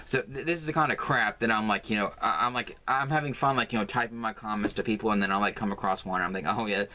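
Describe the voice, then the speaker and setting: A man's voice: lowish voice, fast, sharp tone. An American man talking through a casual crafting vlog at home, rambling with lots of fillers and sounding exasperated. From United States. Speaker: crafting vlogger.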